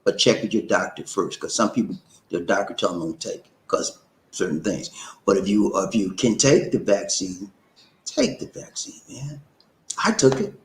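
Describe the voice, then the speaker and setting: A man hosting a casual livestream who talks loosely and animatedly, jumping up high when he gets worked up. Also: normal speed, roomy sound, slight background noise, rough recording. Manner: animated, swings up high when excited, says "man" and "okay?". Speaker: livestream host.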